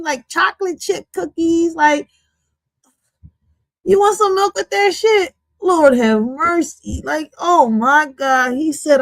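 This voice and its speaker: A woman's voice: sits high, expressive, a little slow, no echo. A woman reacting to a podcast clip on her stream, goofy and swearing, slipping into now and then. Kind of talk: casual reaction commentary.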